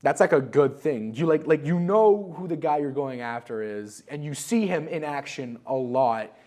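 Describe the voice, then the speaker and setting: A man's voice: fairly high pitch, animated, normal speed, a little mellow. A man co-hosting a video game show, chatting loosely and rambling through a review, laughing at his own stories. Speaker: co-host of a gaming show. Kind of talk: casual game review chat.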